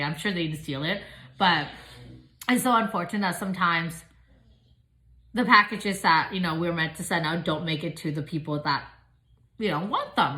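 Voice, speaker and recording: A woman filming a casual unboxing vlog at home, chatty and gushing with excitement. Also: lowish voice, poor audio. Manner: gushing, excitable, squeals and gasps. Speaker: vlogger unboxing a package. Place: home, filming with pets nearby.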